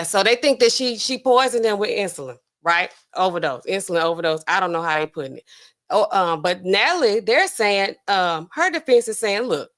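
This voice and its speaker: A woman pharmacist hosts a casual true-crime livestream. She talks straight to her audience in a loose, conversational way. Her mid-range voice leaps high and drops low between asides. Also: fairly bright tone. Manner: chatty, talks straight to viewers with big pitch swings. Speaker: pharmacist host.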